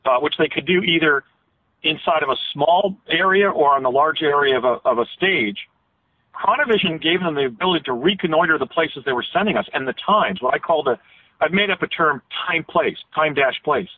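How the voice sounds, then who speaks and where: A man's voice: fairly high pitch, lively intonation, fairly quick, no room sound. A man being interviewed by phone, telling a detailed story with frequent restarts and self-corrections. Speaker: interview guest. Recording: tinny phone line.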